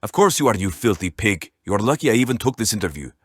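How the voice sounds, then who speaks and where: A man doing a gruff mock-Russian rifle. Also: lowish voice, sing-song, fast, dry recording, clean studio sound. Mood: menacing. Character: gruff Soviet male rifle, menacing.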